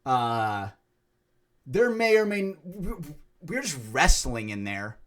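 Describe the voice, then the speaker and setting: A young man co-hosting a casual podcast, telling stories in an animated, profane way. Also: mid-range voice, takes it slowly. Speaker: podcast co-host.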